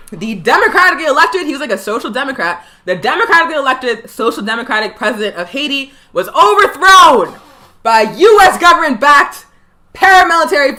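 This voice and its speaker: A woman hosting a live political education show, speaking with fiery emphasis and slowing down to hammer home her points. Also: high-pitched, bright, forceful tone. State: tired. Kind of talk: impassioned political commentary. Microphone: livestream.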